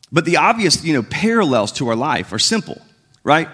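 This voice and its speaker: A man delivers a sermon in a relaxed, talky manner. His pitch swings widely as he acts out the people in the story. He sounds like a pastor chatting with his congregation. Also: quick pace. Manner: conversational, acts out biblical dialogue with shifting tones.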